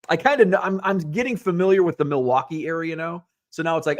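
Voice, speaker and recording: Talking quickly with hardly any pauses, this man from Illinois hosts a podcast, reading viewer comments in loose, rambling chat full of fillers and side remarks. His voice is on the high side, with lively intonation.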